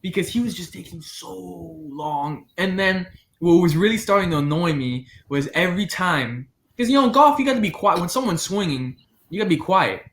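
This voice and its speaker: A man in his twenties tells a story in loose, animated podcast chat. He acts out the people in it as he goes. His voice sits high, and the room around him rings with echo. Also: a little fast. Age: 20s. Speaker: podcast co-host.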